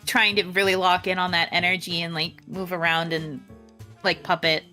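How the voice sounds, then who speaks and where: A woman's voice: lowish voice, level tone, moderate pace, sharp tone, faint music behind. A woman guest on a casual chat stream, talking animatedly and explaining things, slipping into mimicked voices to make her point. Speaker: guest VTuber.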